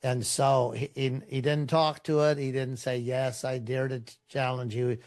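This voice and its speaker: A middle-aged man, a pastor, telling stories in a relaxed, rambling way, with many fillers and restarts. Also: mid-range voice, normal speed. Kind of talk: conversational storytelling in a podcast interview.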